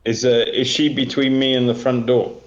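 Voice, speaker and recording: A man's voice: mid-range voice, level tone, moderate pace. A man playing a tabletop game, asking blunt, eager questions. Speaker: player. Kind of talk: casual tabletop play. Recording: dull lo-fi recording.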